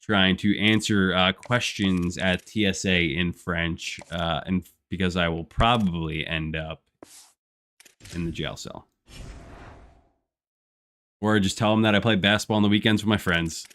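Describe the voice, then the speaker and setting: Deep-voiced laid-back male streamer. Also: steady tone, unhurried, long pauses, a bit bright. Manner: rambling, laid-back, many "like" fillers, laughs often. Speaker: gaming streamer. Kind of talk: casual live-stream chat over gameplay.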